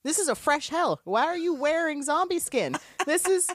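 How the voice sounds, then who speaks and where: A woman co-hosting a podcast in casual chat, animated and laughing often, on a close mic. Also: high-pitched, normal speed, no echo. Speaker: podcast co-host.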